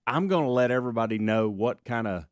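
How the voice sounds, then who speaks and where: A man, co-hosting a radio talk show and telling a rambling, animated story with many restarts. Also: mid-range voice, fast talker, dry recording.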